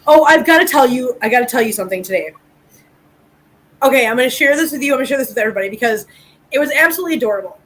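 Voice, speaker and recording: A woman's voice: high-pitched, expressive, racing, fairly bright tone, low-quality recording. A middle-aged woman hosting a casual live chat, telling stories with a loose, laughing, swearing manner. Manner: chatty storyteller, laughs often, swears casually. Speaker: livestream host.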